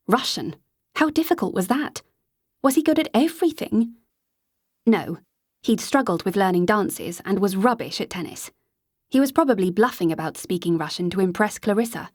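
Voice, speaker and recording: A woman reading a novel aloud as an audiobook narrator, in an even storytelling manner on a close mic. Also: mid-range voice, no room sound. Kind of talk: scripted narration.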